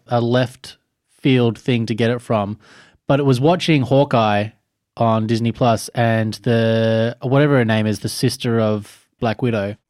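A man's voice: medium pitch, dry recording, clean studio sound. A man musing and rambling in a casual podcast chat. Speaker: podcast co-host and tabletop player.

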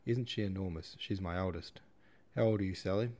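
A man's voice: deep voice, brisk, a little mellow. A man doing a grandiose, talkative father. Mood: expansive. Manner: grand, theatrical and opinionated. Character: flamboyant middle-aged man, a proud and talkative father. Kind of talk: audiobook character voice.

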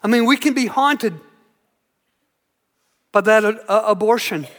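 A man's voice: high voice, slow, a bit bright. A man preaching a sermon in an emphatic, earnest way, repeating words for effect. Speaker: pastor. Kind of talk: sermon with storytelling. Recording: echoey hall reverb.

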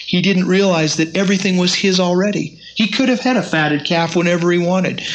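Man, Bible teacher, sermon, fairly high voice, emphatic scripture reading, faint background hiss. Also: a bit bright. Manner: reads scripture aloud with rising emphasis.

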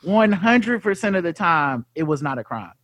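Man, casual comedic chat, animated, swears a lot, high voice, dry close sound. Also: normal speed, no echo. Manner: animated storyteller, swears freely, acts out voices.

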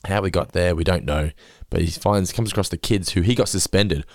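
A man hosting a podcast, giggling often and slipping into animated impressions as he recaps an episode. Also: low voice, brisk, no echo, clean studio sound. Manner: giggly, jumps into animated impressions when quoting. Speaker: podcast host. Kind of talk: casual recap chat.

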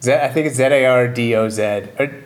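A man being interviewed over a remote call, trading dry, deadpan jokes. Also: medium pitch, fairly quick. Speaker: guest. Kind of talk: casual remote interview chat. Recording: remote call with faint noise.

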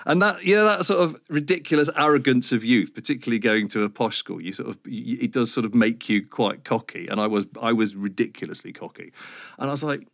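A man's voice: medium pitch, a little fast, creaky, fairly bright tone, no room sound, clean studio sound. A middle-aged man, telling a rambling, self-mocking story in a casual interview. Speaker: radio presenter guest.

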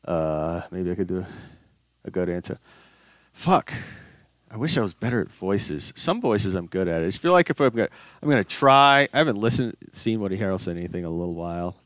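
A man's voice: sits low, animated, fairly quick, a bit bright, no room sound. A young man co-hosting a casual comedy podcast, rambling through a story with plenty of fillers and casual swearing. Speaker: podcast co-host.

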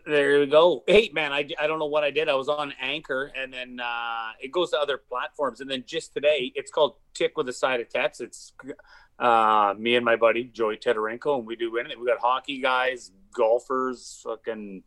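A man's voice: mid-range voice, moderate pace. A man with a wife and kids, guest on a podcast, telling stories in loose, profane, rambling casual chat. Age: adult with a wife and kids. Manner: profane, rambling, animated storyteller.

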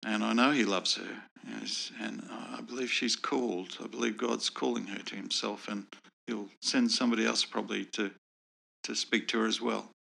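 A man's voice: on the low side, steady tone, moderate pace, gravelly, sharp tone. A man earnestly telling a personal faith story as a guest in a conversational interview. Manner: earnest, reflective. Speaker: guest sharing personal testimony.

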